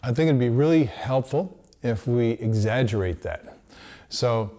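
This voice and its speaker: A man teaching trumpet, explaining technique in a relaxed way and sounding out practice syllables. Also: medium pitch, unhurried, soft background music. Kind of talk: instructional lesson.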